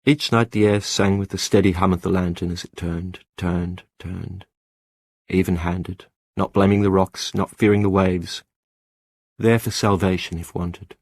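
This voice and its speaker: A man with a very low voice reads an audiobook in a measured, lyrical way. The recording is dry and close, with no room sound. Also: level tone, a little mellow, no room sound. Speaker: audiobook narrator. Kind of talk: scripted audiobook narration.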